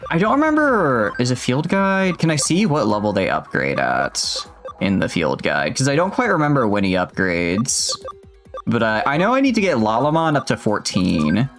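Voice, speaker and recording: Young man, casual gameplay stream chat, animated pitch, rambling, laughs often, faint game music behind. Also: normal speed.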